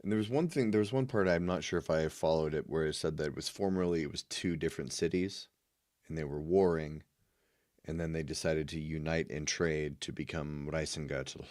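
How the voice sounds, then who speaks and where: A man co-hosting a casual podcast, who answers in a relaxed, agreeable way. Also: very deep voice, fairly quick, no echo, studio quality. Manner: relaxed, agreeable, short replies. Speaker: podcast co-host. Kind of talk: casual chat.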